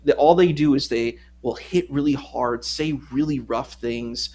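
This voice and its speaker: A man guesting on a livestream, critiquing a debate in a measured, rambling, casual way. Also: mid-range voice, dark tone. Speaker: stream co-host guest. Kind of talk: casual discussion.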